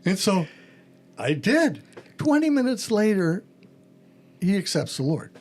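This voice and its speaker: A man's voice: high voice, sing-song, unhurried, a little mellow. A middle-aged man, a pastor hosting a podcast, telling a story in a casual chat and acting out the phone calls in it.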